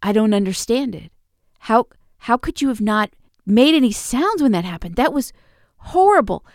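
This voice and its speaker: A woman's voice: medium pitch, sing-song, unhurried, darkish tone, no echo, clean studio sound. A woman quoting her alarmed girlfriend. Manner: urgent, agitated.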